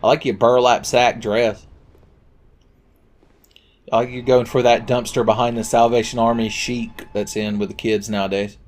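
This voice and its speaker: A man's voice: medium pitch, little pitch movement, normal speed, long pauses. A man giving let's play commentary, sarcastic and profane, rambling from joke to joke. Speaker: game commentator.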